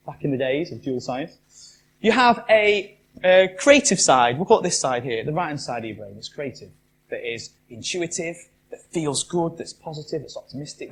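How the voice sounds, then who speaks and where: Animated man giving a live talk. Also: a little high, a little hiss or hum. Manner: chatty and animated, asks the room questions. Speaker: motivational speaker. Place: live event venue.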